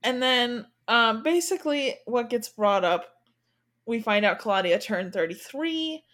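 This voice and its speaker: A woman hosting a podcast, recapping in a chatty, relaxed way. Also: a little high, unhurried. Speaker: podcast host.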